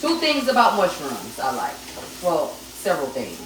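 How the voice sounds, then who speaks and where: A woman's voice: sits low, huge pitch swings, normal speed, over music. A woman hosting a live cooking stream from her home kitchen, chatting with her viewers as she cooks. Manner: chatty, talks straight to viewers. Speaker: cooking show host. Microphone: phone camera at a distance. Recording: echoey kitchen, mic far off, sizzling pan. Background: frying and sizzling food.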